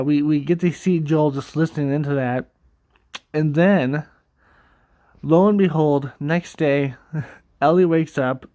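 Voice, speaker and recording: Man, rambling game commentary, profane, laughs often, slightly high voice. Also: darkish tone, dry recording, studio quality. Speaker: gaming video creator.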